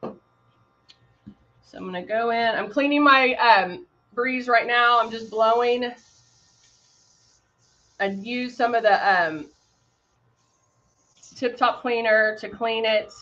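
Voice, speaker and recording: Woman, casual live makeup tutorial, chatty, fairly high voice, slightly muffled stream audio. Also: slow pace, long pauses, sharp tone. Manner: chatty, greets viewers by name while working. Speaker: makeup livestream host.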